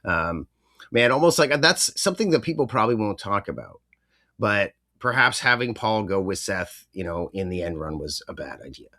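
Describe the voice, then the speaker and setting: A young man co-hosts a casual podcast, rambling through his points with plenty of fillers and the odd curse. His voice sits on the low side. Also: sing-song, moderate pace, sharp tone. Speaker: podcast co-host. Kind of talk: casual chat.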